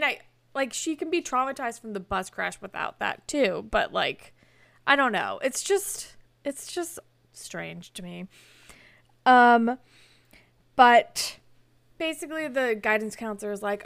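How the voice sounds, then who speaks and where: A woman's voice: a little high, creaky, a bit bright, dry recording. A young woman co-hosting a podcast, recapping a TV episode in casual chat, full of "like" and laughing as she acts out quotes. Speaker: podcast co-host.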